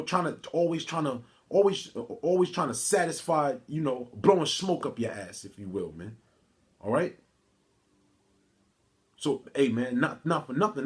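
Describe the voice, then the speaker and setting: Dude doing a laid-back street-talk sermon on video, says man every other line, stumbles reading verses. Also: mid-range voice. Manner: reads scripture aloud haltingly, with restarts. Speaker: religious teacher. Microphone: phone or camera mic.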